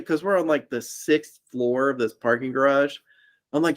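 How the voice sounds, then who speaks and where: A man with a slightly raised speaking voice tells a long, rambling story as a podcast co-host. He keeps breaking into laughter and slips into quick voices for the people he describes. His manner is loose and animated, like talk among friends. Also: a little high. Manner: laughs often through his own story. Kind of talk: casual storytelling chat.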